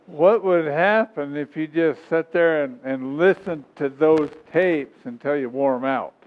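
Male pastor, fairly high voice, homespun sermon delivery, thin phone-quality sound. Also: measured pace. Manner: folksy, repetitive preaching with chuckles. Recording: tinny phone-like recording.

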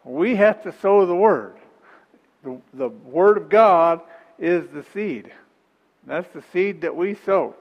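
A man's voice: high voice, animated, slow pace, in a large hall, muffled recording. A middle-aged man preaching a sermon in a folksy, conversational way, repeating phrases and chuckling between points.

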